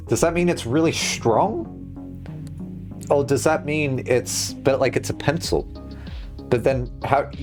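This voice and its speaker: A man streaming a game, musing aloud in casual chat and swearing freely. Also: medium pitch. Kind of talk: casual livestream chat while gaming.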